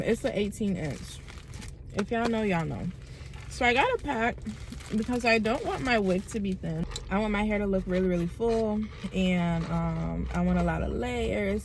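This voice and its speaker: A woman's voice: medium pitch, normal speed, creaky. A young woman chatting straight to her phone camera, open and easygoing, filling her sentences with little fillers. Her voice sits mid-range, with a faint bed of background noise behind it. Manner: chatty, candid, says like a lot. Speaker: vlogger. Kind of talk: casual vlog chat.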